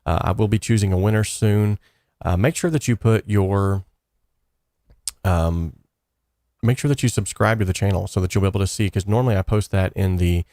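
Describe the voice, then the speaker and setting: A man's voice: sits low, warm tone, no echo, studio quality. A man hosting a casual livestream, talking in an earnest, encouraging way and rambling loosely with frequent fillers. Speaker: livestream host of a song contest.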